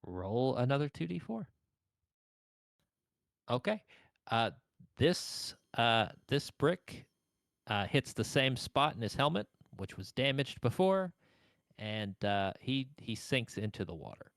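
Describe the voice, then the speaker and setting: A young man narrating as game master of a tabletop game, slow and hesitant with many fillers. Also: medium pitch, very animated, creaky, a bit bright, no room sound, clean studio sound.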